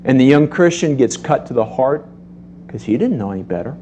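A middle-aged man preaching a sermon to a congregation, telling stories in a lively way and acting out the voices in them. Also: medium pitch, brisk, lo-fi sound, slight background noise. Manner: animated storytelling, acts out voices. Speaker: pastor.

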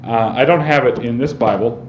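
A man's voice: mid-range voice, moderate pace. Man teaching conversationally in a roomy space. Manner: conversational, often asks "right?". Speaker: Bible teacher. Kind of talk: teaching talk on Bible reading. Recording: roomy, slightly dull recording with faint noise.

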